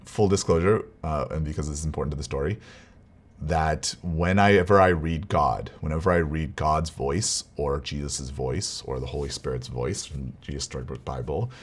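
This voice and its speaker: A man's voice: a bass voice, normal speed. A man telling a personal family story in a casual, rambling, earnest way. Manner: rambling, earnest, with restarts and quiet laughs. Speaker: vlogger, father.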